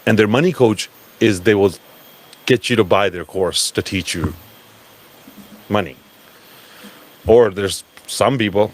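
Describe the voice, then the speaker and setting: A man giving a blunt, profane, animated live talk at a crypto event. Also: on the low side.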